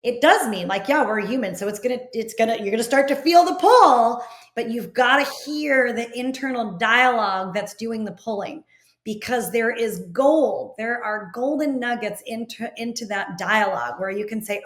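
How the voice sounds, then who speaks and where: A woman's voice: fairly high pitch, normal speed, reverberant. A woman hosting a podcast interview, talking in a reflective, encouraging way. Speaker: podcast host. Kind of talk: conversational interview.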